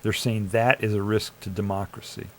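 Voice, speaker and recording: Gravelly, low male streamer; sarcastic, argumentative commentary, faint noise behind. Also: flat delivery, normal speed, low-quality recording. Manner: sarcastic, argumentative, urging listeners to think. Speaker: live streamer. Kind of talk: casual commentary reading AI chat aloud.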